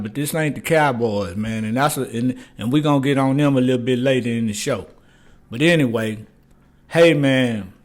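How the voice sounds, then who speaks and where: An older man hosting a casual sports talk show, rambling loosely in slang and repeating "man" and "you know what I'm saying.". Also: medium pitch. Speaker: podcast host. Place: garage.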